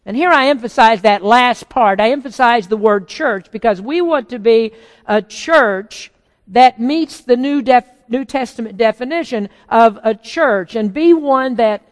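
Woman pastor, earnest deliberate sermon delivery, slightly high voice, long hall reverb. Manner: earnest, deliberate, restarts phrases.

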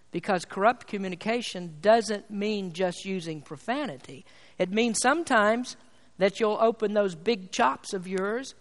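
A man preaching a sermon in a church, emphatic, swinging between loud and quiet. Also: high voice. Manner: emphatic, rises and falls in volume. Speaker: pastor. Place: church sanctuary. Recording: long hall reverb.

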